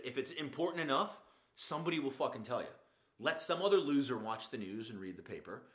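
A man's voice: on the low side, a bit bright, reverberant. A man hosting a profane motivational rant, blunt and mocking, swearing constantly as he lectures. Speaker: host.

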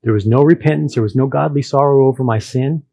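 A man preaching from the pulpit at an ordinary middle pitch. He tells the story in a lively way and acts out the characters' lines as he goes. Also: quick pace, creaky. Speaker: pastor. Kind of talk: sermon.

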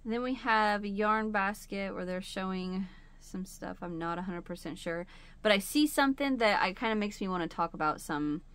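A woman chats easily from a chair at home, wandering from one thought to the next and laughing often. Her pitch sits in a middle range for a woman. The talk is unscripted and relaxed, with plenty of asides and small detours. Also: moderate pace, smooth. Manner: chatty and rambling, laughs often. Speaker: crochet channel host. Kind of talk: casual chat.

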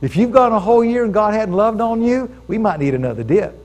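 An American man preaching a sermon as pastor, telling a story with lively calls to his congregation. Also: high voice, fairly quick.

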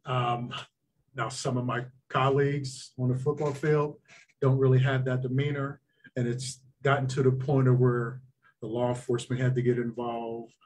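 A man appearing as a sports official guest, giving calm, measured advice in casual interview talk. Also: medium pitch.

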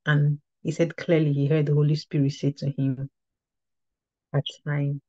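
A woman's voice: low voice, level tone, moderate pace, warm tone, no echo. A woman teaching at a women's ministry, telling a testimony in an earnest storytelling way that often repeats and restarts phrases. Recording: slightly dull lo-fi recording.

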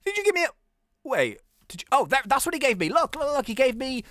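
Excitable man narrating his gameplay. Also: very high-pitched, fast talker, no echo, clean studio sound. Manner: excitable, self-mocking, laughs often, pleads with game characters. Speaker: gaming channel host. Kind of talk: casual let's-play commentary.

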